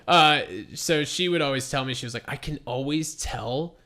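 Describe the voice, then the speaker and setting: A young man co-hosting a casual podcast, telling stories with loud exaggerated quotes, recorded in a shared room. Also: on the high side, normal speed. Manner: animated storyteller, jumps into loud exaggerated quotes. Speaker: podcast co-host. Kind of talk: casual chat. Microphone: poorly set up mic.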